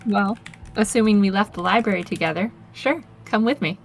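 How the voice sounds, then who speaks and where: しわがれ気味の女性プレイヤー. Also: female voice, medium pitch, brisk, slight background noise. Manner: relaxed, hesitant with fillers. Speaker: player. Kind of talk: casual tabletop game chat.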